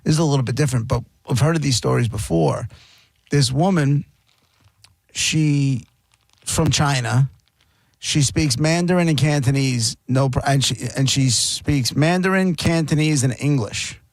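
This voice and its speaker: A man's voice: mid-range voice, moderate pace, creaky, no room sound. A man hosting a radio show in casual chat, reading out odd news stories with a wry, amused manner. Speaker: radio host.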